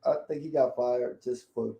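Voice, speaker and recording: A woman's voice: very deep voice, steady tone, moderate pace, vocal fry, roomy sound, a loud crowd. A woman co-hosting a casual podcast chat, matter-of-fact and opinionated. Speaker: podcast co-host.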